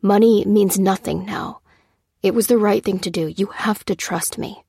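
A woman's voice: mid-range voice, steady tone, moderate pace, creaky, warm tone, husky, no room sound, clean studio sound. A woman reading the lines of a tense adult man, clipped and insistent, in a storybook reading. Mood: urgent.

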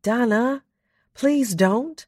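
A woman's voice: mid-range voice, sing-song, takes it slowly, darkish tone, dry recording, clean studio sound, pitched above the performer's own voice. A reader voicing a woman crew member who sounds childlike and wheedling. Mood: pleading.

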